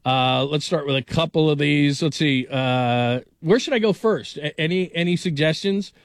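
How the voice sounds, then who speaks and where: A man's voice: fairly high pitch, moderate pace, dry recording. Chatty man hosting sports radio. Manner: rambling, heavy use of "like". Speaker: radio sports talk host. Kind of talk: casual sports radio chat.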